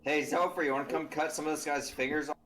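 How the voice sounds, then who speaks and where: A man's voice: a little high, steady tone, fast talker, fairly bright tone, a little hiss or hum. A man playing a tabletop game in a laid-back, joking way. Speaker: player. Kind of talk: casual tabletop play.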